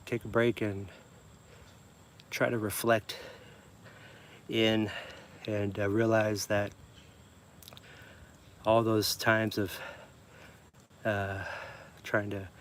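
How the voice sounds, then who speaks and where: A man talks to his camera outdoors on a trail, rambling and reflective, with plenty of fillers. His voice sits low and stays fairly flat, and his pace is slow and unhurried. Faint outdoor noise runs under his voice. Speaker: vlogger. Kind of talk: casual vlog while out running.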